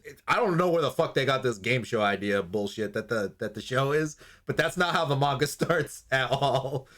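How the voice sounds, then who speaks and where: A man's voice: mid-range voice, lively intonation, moderate pace, a bit bright. A young man co-hosting a casual review chat, rambling and swearing, laughing often and acting out scenes in silly voices. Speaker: podcast co-host reviewing anime.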